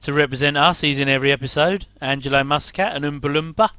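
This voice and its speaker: A man's voice: a little high, fast, bright, forceful tone, smooth, dry recording. A middle-aged English man rambling casually through a reaction commentary, with chatty, self-deprecating asides. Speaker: host.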